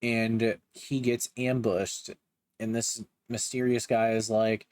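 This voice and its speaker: A man's voice: medium pitch, little pitch movement, slow pace, darkish tone, dry recording. A young man giving a casual, joking recap of a manga, with slangy asides. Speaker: manga reviewer.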